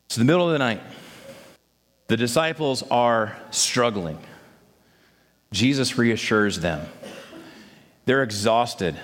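A man preaching a sermon, telling the story in a lively way and acting out the voices of the people in it. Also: a little high, big-room sound. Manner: animated storytelling, acts out voices of disciples.

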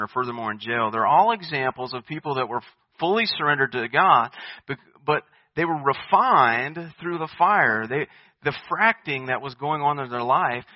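A man's voice: medium pitch, dry recording, highs cut off. A man preaching a sermon as a pastor, earnest and pleading, climbing to emphatic peaks.

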